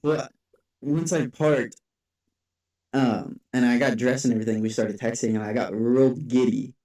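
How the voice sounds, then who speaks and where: A man's voice: medium pitch, steady tone, moderate pace, mellow. Rambling young man in an echoey room. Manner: rambling, full of "like" and restarts. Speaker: podcast co-host. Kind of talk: casual chat. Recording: echoey room, far from the mic.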